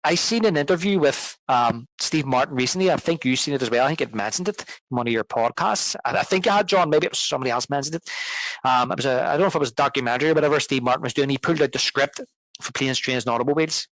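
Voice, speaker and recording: A man's voice: mid-range voice, quick pace, a bit bright, no echo, rough recording. A man co-hosting a film podcast, rambling through a casual film discussion with many restarts as he retells scenes. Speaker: podcast co-host. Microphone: podcast microphone.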